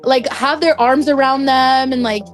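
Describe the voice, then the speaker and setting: High-voiced young woman telling a story. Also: steady tone, measured pace, faint music behind. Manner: chatty, full of "like" fillers. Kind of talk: casual spoken anecdote.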